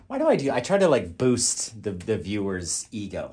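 A man teaching a live painting tutorial, chatty and encouraging, who keeps retaking his intro in a loud, upbeat radio-style voice. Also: on the low side, huge pitch swings, moderate pace. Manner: chatty, encouraging, repeats phrases. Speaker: painting instructor.

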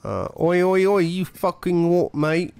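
A man doing a deliberately bad mock British accent, playing a brash, shouty bloke in a goofy, exaggerated way. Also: sits high, lively intonation, creaky, clean tone, voice pushed up, exaggerated voice. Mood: rowdy mocking.

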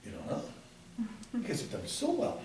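A man's voice: moderate pace, a little mellow. A man teaching a ministry class, acting out both sides of conversations and laughing often. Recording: echoey room from far off, faint noise.

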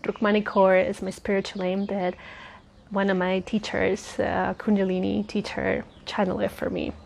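A mid-pitched woman in her thirties, a native Spanish speaker with a slight lisp. She talks in an earnest, rambling, casual way, often breaking into laughter. Cars pass faintly in the background. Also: level tone, moderate pace, creaky, darkish tone, a little hiss or hum. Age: 30s. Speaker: spiritual vlogger. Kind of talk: casual personal talk. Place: outdoors near a road. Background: passing cars.

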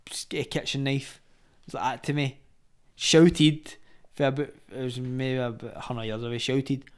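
A man's voice: mid-range voice, level tone, moderate pace, clear, resonant tone. A young Glaswegian man, a former boxer, telling a story in casual, sweary chat, laughing as he goes. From Scotland. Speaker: podcast guest, former boxer.

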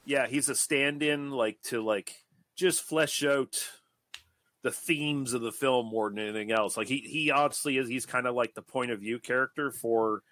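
A man's voice: medium pitch, moderate pace, fairly bright tone, dry recording. A man co-hosting a podcast, explaining film history in a casual, hedging way. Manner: hedging, explanatory, many fillers like "like" and "you know". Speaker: podcast co-host. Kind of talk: casual movie-discussion chat.

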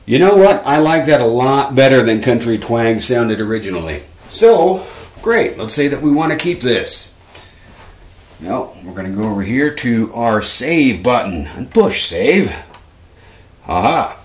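A man's voice: medium pitch, sing-song, unhurried, roomy sound. A man hosting a casual guitar amp tutorial, chatty and self-correcting with dry little asides. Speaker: guitar lesson host.

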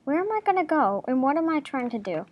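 A woman casually commenting on her own gameplay, talking to herself with jumpy reactions and soft murmured asides. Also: high voice, big pitch swings, fast, lo-fi sound. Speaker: gaming video creator.

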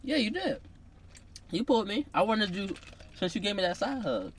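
A man's voice: sits high, very animated, moderate pace, slight background noise. A young man, teasing his girlfriend in a casual vlog chat. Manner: playful teasing, loud bursts. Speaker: vlogger.

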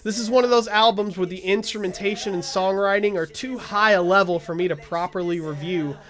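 A man's voice: sits high, steady tone, fairly quick, fairly bright tone. A man hosting a weekly music review show, reading scripted album verdicts in a wry, blunt way.

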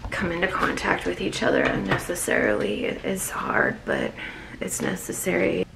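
Sick woman vlogging in a gravelly half-whisper. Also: fairly low pitch, huge pitch swings, moderate pace. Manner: soft-spoken, often dropping to a whisper. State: sick, with a runny nose and a sore chest. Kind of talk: casual personal vlog. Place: at home, indoors. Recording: noisy home recording.

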